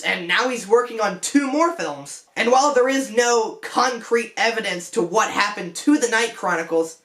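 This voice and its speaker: Hosting a comedic vlog about films in a detective character, a young man speaks with a high, sharp voice. He rambles, teases himself, slips in joking asides and often restarts. The recording is echoey.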